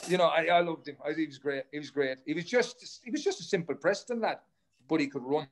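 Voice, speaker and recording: A man's voice: fairly high pitch, fast talker. A man, a former runner, telling rambling stories as a podcast guest, swearing casually and restarting his sentences. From Ireland. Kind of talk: casual storytelling chat.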